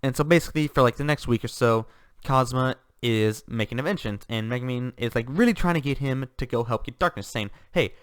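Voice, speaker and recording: A man's voice: medium pitch, brisk, smooth, no echo, studio quality. Enthusiastic man rambling about a book. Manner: enthusiastic, rambling with restarts and laughs. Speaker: book reviewer. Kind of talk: casual book review.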